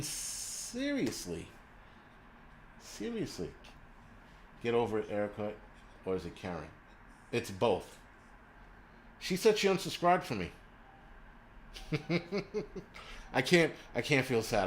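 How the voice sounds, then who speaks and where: Brief: New guy, mid-pitch, foul-mouthed ranting vlogger, faint noise behind him. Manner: profane, animated storytelling. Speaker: prepper channel host. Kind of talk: casual ranting vlog.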